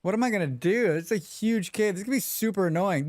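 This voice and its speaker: Chatty male game streamer, lively pitch. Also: fast talker, no room sound, studio quality. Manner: chatty, reads chat aloud and hums to himself. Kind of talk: live gameplay commentary.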